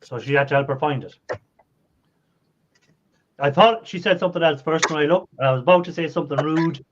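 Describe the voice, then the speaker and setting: A man with a slightly high voice talks fairly quickly while co-hosting a casual livestream chat. He reads viewer comments and questions aloud, teasing and laughing often. The recording sounds dull and lo-fi, with steady noise.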